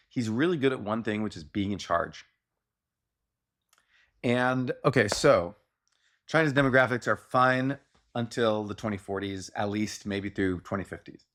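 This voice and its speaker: A man hosting a podcast, chatting casually with jokes and quick asides, from Texas with a slight Texan accent. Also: on the low side, a bit bright. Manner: joking, riffing, quick asides. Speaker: podcast host. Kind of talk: casual chat.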